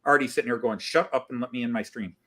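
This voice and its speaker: A man hosting a casual group chat, talking in a rambling, animated way with many restarts. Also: medium pitch, fast, crowd noise. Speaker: host.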